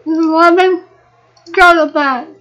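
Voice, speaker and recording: Really high-pitched young woman doing excitable let's-play chatter, drawls it out slow, talks to her game characters. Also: rough recording. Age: 20s. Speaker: gaming video creator.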